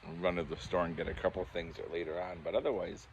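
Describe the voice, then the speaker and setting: A man with a very low, deep voice talks easygoingly to a camera he holds in his own hand. He rambles at a relaxed pace, chuckles, and corrects himself as he goes. A soft hum of ambience sits faintly underneath. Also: quick pace. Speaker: pipe-smoking vlogger. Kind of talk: casual fireside chat to camera. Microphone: handheld camera.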